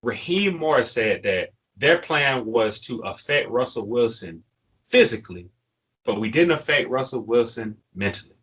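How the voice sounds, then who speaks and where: A man co-hosting a fan show, plainly worked up and ranting. He presses his points with repeated phrases and a bright, forceful tone. His voice carries a husky grain. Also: mid-range voice, expressive, normal speed, rough recording. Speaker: sports podcast co-host. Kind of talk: fired-up fan commentary.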